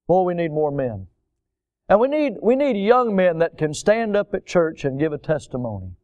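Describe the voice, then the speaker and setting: A man's voice: a little high, big pitch swings, moderate pace, a little mellow. A man preaching a sermon, emphatic, repeating words and phrases for stress.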